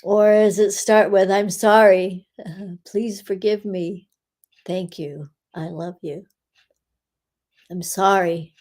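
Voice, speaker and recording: A woman leads a guided energy-clearing meditation at a slow, unhurried pace. She laughs softly and often, and sometimes drops to a near whisper. Her voice sits at an ordinary middle pitch. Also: fairly even intonation. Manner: unhurried, giggly, frequent soft laughs. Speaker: energy healer hosting a live session.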